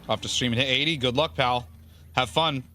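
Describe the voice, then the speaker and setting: A man's voice: mid-range voice, fairly quick, sharp tone. A man streaming a video game, chatting casually and rambling with viewers in a self-deprecating way. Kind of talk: casual gaming stream chat.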